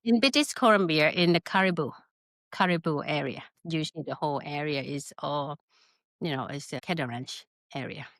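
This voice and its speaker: Lively Thai woman telling her story. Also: low-pitched, moderate pace, no room sound, clean studio sound. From Northern Thailand. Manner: animated storytelling with broken English, laughs often. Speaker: guest, spa business founder. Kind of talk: casual storytelling interview.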